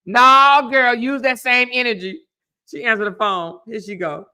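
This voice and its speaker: A woman's voice: fairly high pitch, steady tone, a little slow, bright, forceful tone, clear, resonant tone. A woman, chatting casually and laughing with viewers on a livestream. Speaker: livestream host.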